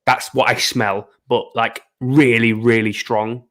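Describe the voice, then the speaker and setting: A man's voice: medium pitch, flat delivery, a little slow, a bit bright. A man casually chatting about fragrances, rambling and repeating words as he searches for descriptions. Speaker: fragrance reviewer. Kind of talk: casual chat.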